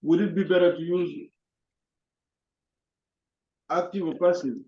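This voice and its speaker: A man teaching an English class, halting and often repeating his words. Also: sits high, steady tone, dark tone. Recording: echoey classroom, dull lo-fi sound.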